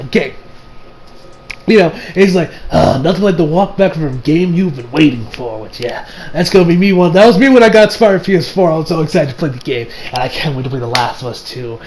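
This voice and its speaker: A man's voice: a little high, a little hiss or hum, low-quality recording. A young man casually recapping an anime episode, rambling with lots of fillers and laughs. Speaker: anime reviewer.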